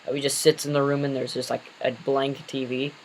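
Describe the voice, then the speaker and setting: A man's voice: mid-range voice, level tone, fairly quick, poor audio. A man casually retelling an invented superhero story, rambling with many fillers and self-corrections.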